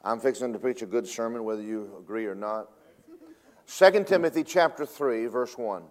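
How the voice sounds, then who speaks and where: A man preaching a sermon in a folksy, emphatic way, swinging between loud and soft and fast and slow for effect. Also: medium pitch. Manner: folksy, emphatic, varies loudness and pace for effect.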